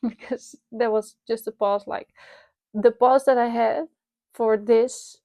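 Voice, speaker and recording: A woman with a Dutch accent, her native tongue Dutch, talks through her thoughts in an unpolished vlog. Her voice sits slightly high, and she restarts and repeats herself as she reflects out loud. The sound is dry and close, as if from a clip-on mic. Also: steady tone, slow, creaky, dry recording. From Netherlands. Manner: candid, rambling, self-reflective with frequent restarts and laughs. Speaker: vlogger. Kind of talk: unscripted personal vlog. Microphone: wireless lapel mic.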